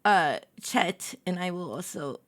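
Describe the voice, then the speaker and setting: A woman streamer reading aloud and chatting casually, giggly and animated. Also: fairly low pitch, a little slow, no echo, clean studio sound. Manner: giggly, animated, breaks into laughter. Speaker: streamer host. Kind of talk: casual livestream reading chat.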